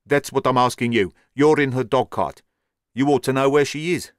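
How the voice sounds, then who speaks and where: Male reader playing a hot-tempered, desperate man shouting threats, dry and close. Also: mid-range voice, moderate pace, dry recording, close to an everyday voice. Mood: frantic. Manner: shouting, frantic.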